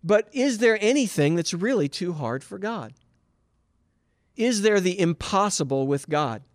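Earnest middle-aged man preaching, higher voice. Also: expressive, measured pace, dry recording, studio quality. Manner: earnest, asks rhetorical questions, frequent "you know". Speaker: pastor. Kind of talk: conversational sermon.

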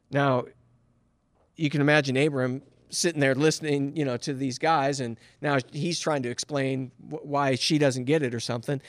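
A man's voice: fairly high pitch, steady tone, moderate pace, no echo, studio quality. A middle-aged man giving a conversational sermon as a pastor, earnest, with many rhetorical questions. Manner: earnest, asks rhetorical questions, frequent "you know".

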